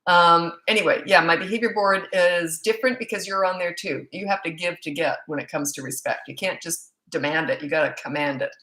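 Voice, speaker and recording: A Canadian woman hosts a live-stream parenting Q&A on her own microphone. Her voice sits a little low, and she talks in a chatty, frank way. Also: brisk, few pauses, bright, forceful tone, low-quality recording. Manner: chatty and frank, greeting viewers by place. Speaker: parenting coach. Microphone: own set-up microphone.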